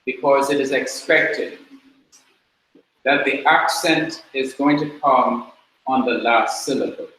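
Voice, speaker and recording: A man teaching a class, talking slowly and repeating words for the students to drill. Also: medium pitch, sharp tone. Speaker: Hebrew teacher. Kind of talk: classroom lecture. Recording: very echoey room, mic far off, faint noise.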